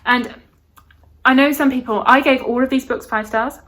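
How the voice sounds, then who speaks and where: Brit female book vlogger, gushing and chatty, slightly high voice, repeats herself for emphasis. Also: fairly even intonation, normal speed, a bit bright. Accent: British. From United Kingdom. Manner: gushing, enthusiastic, repeats words. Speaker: book reviewer. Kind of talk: casual book review vlog.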